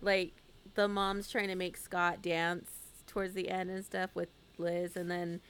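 A woman's voice: lowish voice, flat delivery, measured pace, fairly bright tone. A woman co-hosting a casual film podcast, chatty and given to giggles. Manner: chatty, giggly, gravelly edge. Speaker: podcast co-host.

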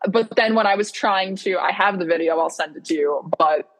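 A woman's voice: on the low side, a little fast. A young woman on a video call telling a story in a casual podcast chat, acting out quoted lines and laughing often. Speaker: podcast guest co-host.

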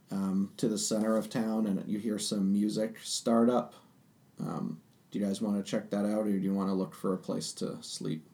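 A man narrating a tabletop role-playing game as game master, relaxed with frequent hesitations. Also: on the low side. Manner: relaxed, hesitant, many ums.

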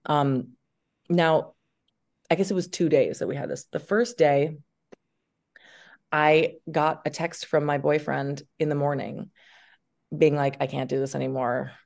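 A woman in her thirties, an actress being interviewed, telling stories in an animated way and laughing through her words. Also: low voice, measured pace, creaky, pauses often. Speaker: actress and guest. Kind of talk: casual interview chat.

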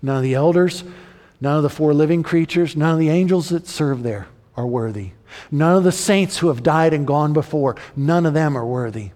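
A man preaching a sermon as a pastor, building to emphatic repeated questions and then dropping low and slow. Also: darkish tone, in a large hall.

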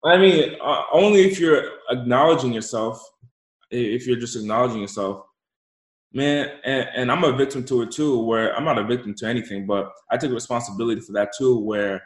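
A man telling an animated story and giving motivational talk as an interview guest, repeating himself for emphasis. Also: medium pitch, a little fast, echoey room, rough recording. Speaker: guest, entrepreneur.

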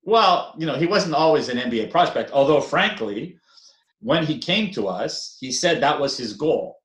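A man's voice: fairly high pitch, lively intonation, moderate pace, fairly bright tone, echoey room, low-quality recording. A man in his sixties, a veteran basketball coach giving an interview, talking casually with many fillers and restarts and the odd self-deprecating chuckle. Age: 60s.

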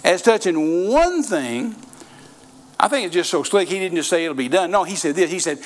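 Man, preacher, lively swooping pitch, folksy storytelling sermon. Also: normal speed. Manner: folksy storytelling, animated, repeats phrases.

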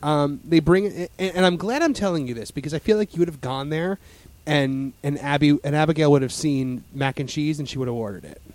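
A man's voice: a little high, animated, fairly quick, a little mellow, dry recording. A man in casual chat as a podcast host, rambling with lots of fillers and restarts.

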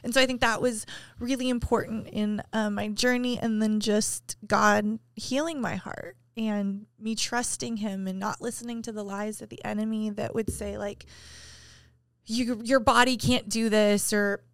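A woman's voice: medium pitch, fairly even intonation, normal speed, clean tone, no room sound, studio quality. A woman in her thirties co-hosting a faith podcast, telling a painful personal story candidly and with emotion. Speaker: podcast co-host. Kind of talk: casual chat.

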